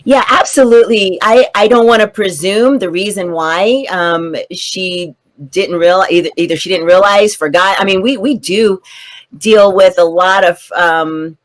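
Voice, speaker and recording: A woman's voice: mid-range voice, unhurried. A woman speaking as a panelist in a political discussion, earnest and repeating words as she starts her points.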